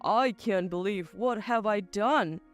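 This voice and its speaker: A woman's voice: mid-range voice, slow pace, faint music behind, pitched below the performer's own voice, natural voice. A woman voicing a stammering, guilt-stricken retired father in a storybook drama. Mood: remorseful. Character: remorseful retired father, older man.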